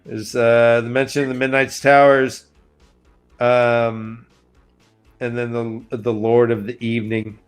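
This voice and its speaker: Casual and jokey, a man of middling pitch walks through a book's plot for his co-hosts, throwing in silly voices for the characters along the way. A faint bed of music sits behind his talk. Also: measured pace, smooth. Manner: joking, animated retelling with acted-out quotes. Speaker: podcast co-host. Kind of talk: casual book-recap chat.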